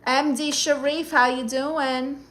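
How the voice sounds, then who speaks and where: A woman with a thick Brooklyn accent chats casually with her viewers. Her voice sits slightly high and rings bright and forceful. She answers comments with sassy, quick comebacks. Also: steady tone, a little hiss or hum. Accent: Brooklyn New York. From Brooklyn, New York. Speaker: comedian live-streamer reading chat. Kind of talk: casual live-stream chat.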